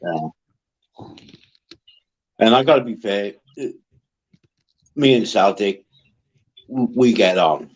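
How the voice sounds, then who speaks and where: A man hosting a casual live stream, slow-spoken and trading crude banter. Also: on the low side, expressive. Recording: dull lo-fi stream audio.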